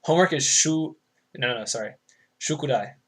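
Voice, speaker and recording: A young man rambles through casual commentary over a game run, sliding into explanations of Japanese vocabulary. His talk is loose, full of fillers, and sprinkled with swearing, in a voice of ordinary pitch. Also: a little fast. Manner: explaining Japanese words like a student. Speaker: speedrunner.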